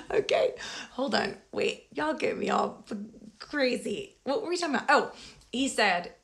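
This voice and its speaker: A woman chatting casually with her viewers about her recovery, digressive and quick to laugh, with sudden animated outbursts. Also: high-pitched, vocal fry. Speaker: vlogger sharing her recovery story. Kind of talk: casual live chat with viewers.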